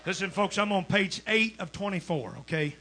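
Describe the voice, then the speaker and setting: A man preaching a Pentecostal sermon as a guest preacher, telling a testimony, swinging from hushed storytelling to shouting. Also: high voice, normal speed, background noise. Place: church sanctuary.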